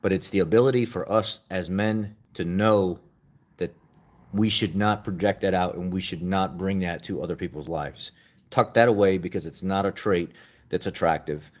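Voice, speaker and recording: A man with a very deep, low voice talks in a casual podcast style. He presses his points earnestly, repeating short phrases, and admits to getting emotional along the way. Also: moderate pace. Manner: earnest, repetitive motivational urging; openly emotional, laughs at himself. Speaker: podcast host. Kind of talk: casual opinion talk.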